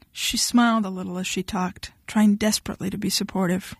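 A woman reading a novel aloud as narrator, in a steady storytelling manner. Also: medium pitch, brisk, gravelly, few pauses, no echo, studio quality. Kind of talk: audiobook narration.

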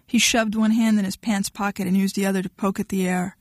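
A woman reading a novel aloud as narrator, in a steady storytelling manner. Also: medium pitch, brisk, few pauses, dry recording, clean studio sound. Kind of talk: audiobook narration.

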